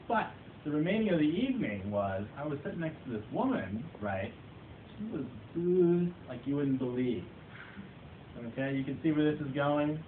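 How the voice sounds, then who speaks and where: A man giving a humorous club speech to a live audience. He tells playful, self-mocking stories about himself. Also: medium pitch. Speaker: club speaker. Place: meeting room with an audience. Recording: tinny echoey far-off recording, noisy.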